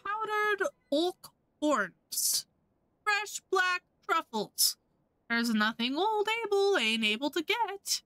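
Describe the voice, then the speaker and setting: A woman voicing a sly aging male black-market merchant in a game, with a slow, drawling way of talking. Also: very high-pitched, big pitch swings, pushed and bright, no room sound, voice pushed up, heavily acted. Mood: wary.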